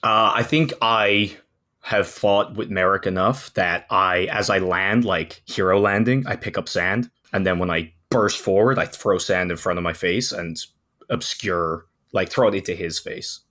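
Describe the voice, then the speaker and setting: A man playing a tabletop game, excitable, swearing and laughing at his rolls. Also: sits low, a little slow. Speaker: player. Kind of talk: casual tabletop game play.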